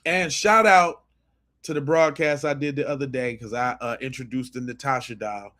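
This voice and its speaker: At a medium pitch and normal speed, a man on his podcast reacts to clips. His commentary is animated, emphatic, and freely profane.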